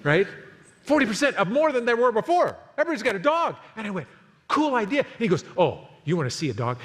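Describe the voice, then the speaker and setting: A man in his sixties preaching a sermon as pastor, telling a story in an animated way and acting out the quotes. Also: high voice. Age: 60s. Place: church sanctuary. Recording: long hall reverb, faint noise.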